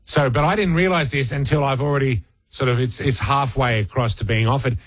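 Man, Australian accent, radio host, chatty storyteller, mid pitch, dry close mic. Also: steady tone, a little fast, no echo. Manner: rambling, self-mocking, many restarts. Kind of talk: casual storytelling chat. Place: radio studio.

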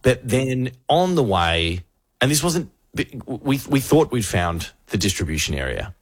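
A man's voice: medium pitch, sing-song, unhurried, no room sound. A man hosting a radio show, telling a story with animation and acting out the voices of the people in it. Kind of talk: lively radio banter and storytelling.

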